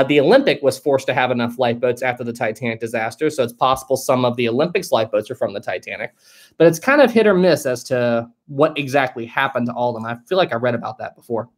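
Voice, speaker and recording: A man from West Virginia with a mild West Virginian accent, hosting a casual live-stream chat and answering viewer questions. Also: medium pitch. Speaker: history channel host.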